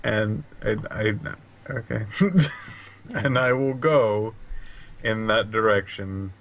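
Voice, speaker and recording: A man's voice: fairly low pitch, slow pace, vocal fry, fairly bright tone, a little hiss or hum. A man playing a tabletop game, talking hesitantly with many fillers. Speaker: player. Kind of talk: casual tabletop play.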